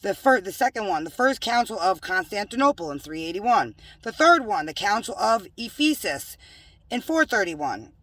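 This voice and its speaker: A woman's voice: medium pitch, big pitch swings, moderate pace, a bit bright, no echo. Scolding woman preaching from a distance. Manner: emphatic, scolding, joking asides. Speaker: self-styled religious preacher. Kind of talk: home-made religious video rant.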